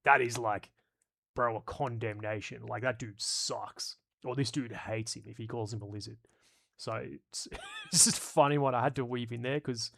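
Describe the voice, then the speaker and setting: Gravelly-voiced man chatting on a stream. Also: medium pitch, a bit bright. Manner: joking, profane, rambling. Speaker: streamer host. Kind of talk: casual live-stream chat reading comments.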